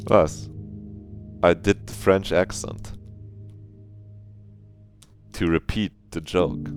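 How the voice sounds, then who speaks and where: A man with a very low voice talks to his chat while he plays a game. He is jokey and loose, laughing often and tossing out crude asides. Game music plays clearly behind him. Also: fairly even intonation, very slow, long pauses. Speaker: streamer playing a visual novel. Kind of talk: casual live-stream chat.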